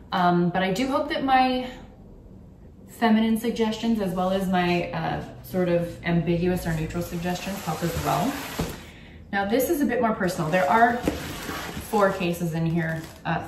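A woman's voice: on the low side, normal speed, distant mic, background noise. A young woman vlogging casually about gift ideas, candid and chatty with frequent ums. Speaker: YouTuber. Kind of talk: casual gift-guide vlog. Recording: roomy echo, from off the mic.

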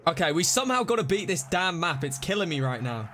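A man streaming a zombie game live, reacting excitably, scolding himself and thanking donors. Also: on the high side, fast, background noise. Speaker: livestreamer. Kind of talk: live gameplay commentary. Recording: music playing behind voice. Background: game music and gunfire.

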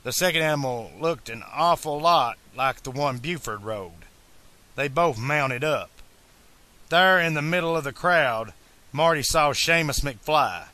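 A man reads a novel aloud as a fan audiobook and breaks off for casual, chatty comments. His voice is bright and forceful and sits a little above the usual male range. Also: on the high side, unhurried. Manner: casual, chatty asides between read passages. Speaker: amateur audiobook reader. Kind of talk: fan audiobook narration with spoken asides.

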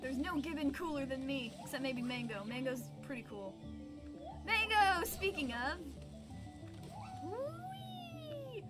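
A young woman hosting a gaming video chats playfully as she plays, bubbly and frequently squealing and exclaiming. Her voice is high and expressive at a normal speed, with game music in the background.

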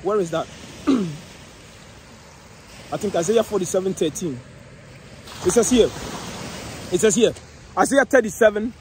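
A man preaching in the street, emphatic and repetitive, reading scripture slowly and calling out to listeners. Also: high voice, animated, slight background noise. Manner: emphatic, repeats phrases, reads scripture slowly, calls out "eh?".

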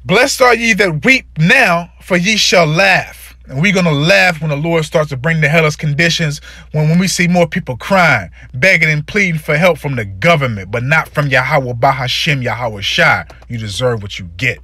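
A man's voice: on the high side, normal speed, hardly any pauses, sharp tone, husky, no echo. A man giving a fervent, profane sermon, reading scripture aloud and stumbling over many filler sounds. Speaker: preacher.

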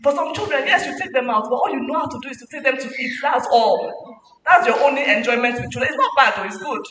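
Bright-voiced woman speaking in a hall. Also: high-pitched, fast. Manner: animated, preachy, mixing in laughs. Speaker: guest speaker at a parenting summit. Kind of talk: motivational talk. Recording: echoey hall from far off, faint noise.

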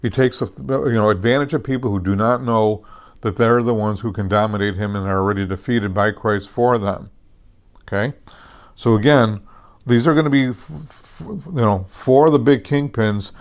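Speaking at a normal speed in a lowish voice, a man preaches a sermon in a conversational style. He keeps asking listeners "okay?" and "amen?" and often restarts and corrects himself.

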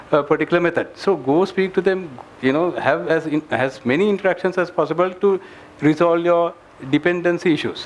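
A man, an engineering director, giving a presentation at a meetup, speaking earnestly with many fillers and restarts as he gives advice. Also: fairly high pitch. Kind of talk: conference presentation. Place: meetup venue with an audience.

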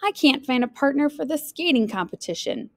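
A woman voicing an eager young girl skater from a storybook, with high, breathless exclamations. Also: sing-song, a little fast, gravelly, dry recording, clean studio sound, heavily acted.

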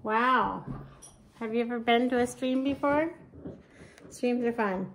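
A woman's voice: a little high, slow pace, slight background noise, rough recording. A woman reading a picture book aloud to young children, with chatty asides to her listeners. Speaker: storyteller.

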